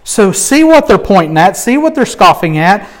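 A male preacher with a high voice that leaps up and down as he urges his listeners on. He swings between loud, emphatic calls and quiet, confiding asides. The delivery is lively and full of emphasis. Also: normal speed. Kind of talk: sermon.

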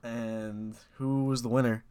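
A man's voice: medium pitch, flat delivery, a little slow, darkish tone, clear, resonant tone, no room sound. A young man co-hosting a podcast in casual chat, laid-back and given to short reactions, with the odd longer point. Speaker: podcast co-host.

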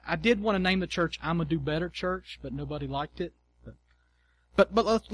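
High-voiced man preaching a sermon. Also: brisk, a bit bright. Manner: conversational preaching with mock quotes and emphatic repetition. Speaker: pastor.

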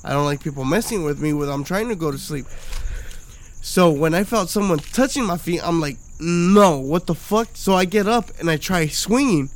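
A man's voice: fairly high pitch, lively intonation, fairly quick. A young man telling a rambling, profane story in casual chat as a podcast host. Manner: profane, rambling, laughing retelling.

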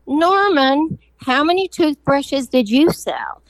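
A woman's voice: high voice, very animated, slow pace, dry recording, heavily acted, rough recording. A woman voicing a doubtful middle-aged male sales manager who questions his new hires. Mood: questioning.

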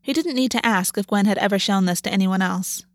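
A woman reads fantasy fiction aloud in a steady, measured narration. Her voice sits at a middle pitch. The recording is close and dry with no room sound. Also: no echo. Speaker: audiobook narrator. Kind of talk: scripted narration of a fantasy novel.

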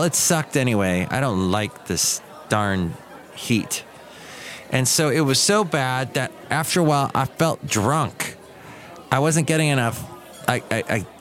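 A middle-aged man who hosts a solo podcast and also works as a radio DJ. He chats casually and rambles, cutting himself off and starting over as he goes. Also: mid-range voice. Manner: rambling, self-interrupting storyteller.

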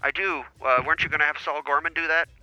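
A man's voice: on the high side, steady tone, fast talker, lo-fi sound, a loud crowd. A man calling in as a regular to a casual podcast, joking and self-mocking. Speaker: regular caller.

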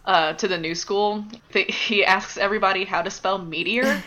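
A woman's voice: mid-range voice, fairly even intonation, moderate pace, sharp tone, dull audio. A young adult woman in a casual chat, giggling as she retells scenes and acts out little quotes. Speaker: podcast co-host.

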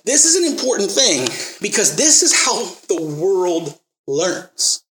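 A man's voice: high voice, big pitch swings, takes it slowly, a bit bright, reverberant, rough recording. A man preaching a sermon, telling stories and acting out the quotes, then pressing the listeners with emphatic rising questions.

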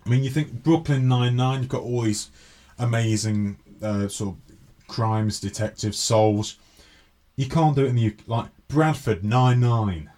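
A man's voice: mid-range voice, moderate pace, warm tone. Man co-hosting a chatty podcast. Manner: reads news aloud, then jokes and acts out skits. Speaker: podcast co-host. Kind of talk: casual chat.

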